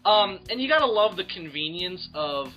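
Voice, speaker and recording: A man's voice: high voice, sing-song, moderate pace, dull audio, faint music behind. A man co-hosting a casual film discussion, emphatic and opinionated, and he swears freely. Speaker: podcast co-host.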